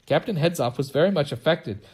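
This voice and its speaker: A man reading a storybook aloud to children, with expressive, slightly halting delivery and occasional restarts. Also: a little high, slightly rough.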